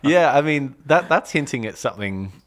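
A man's voice: medium pitch, lively intonation, moderate pace. A man with a slight lisp, co-hosting a podcast in easygoing, joking casual chat. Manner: easygoing, self-deprecating, joking. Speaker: podcast co-host.

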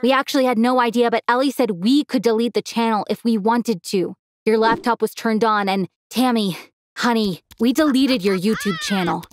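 A woman's voice: a little high, animated, moderate pace, no room sound, lightly acted. A woman reading a stern father. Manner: stern then confessing. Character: stern, guilty middle-aged father.

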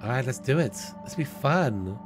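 A man hosting a let's play, chatty and playful, often laughing and slipping into quick character voices. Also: mid-range voice, lively intonation, soft background music. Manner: voices his game characters in quick asides. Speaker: gaming channel host.

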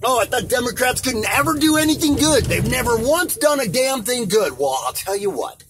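A man's voice: very high-pitched, very animated, normal speed, music in the background. A man delivering a heated, profane rant from inside a car, often repeating himself. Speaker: vlogger. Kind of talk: angry ranting monologue.

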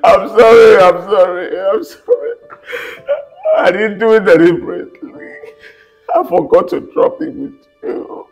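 A man's voice: sits high, normal speed, creaky, soft background music. A man acting a husband who wails and pleads over his collapsed wife, crying as he talks. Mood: grieving. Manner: pleading, wailing, sobbing grief. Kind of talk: dramatic acting.

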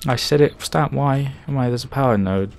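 A man doing excitable, jokey let's play commentary over a horror game, swearing often. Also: mid-range voice, moderate pace, gravelly, noisy background. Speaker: gaming commentator.

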